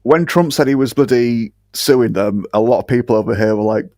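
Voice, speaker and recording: A man's voice: mid-range voice, normal speed, few pauses, a little mellow, no echo, clean studio sound. A man from the north of England with a Northern English accent, a guest ranting bluntly and swearing freely in casual podcast chat.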